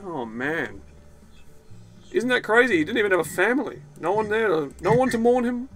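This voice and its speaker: A man's voice: high-pitched, sing-song, moderate pace, fairly bright tone, soft background music. A man giving rambling, jokey let's play commentary, swearing freely as he plays. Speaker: gaming video host.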